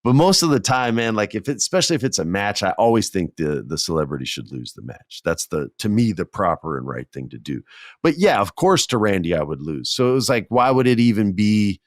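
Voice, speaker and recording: A man hosting a podcast, telling stories in a casual, animated way, acting out the quotes and laughing often. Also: fairly quick, no echo, studio quality. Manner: animated, acts out quotes with big jumps in pitch, laughs often. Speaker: podcast host. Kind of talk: casual storytelling.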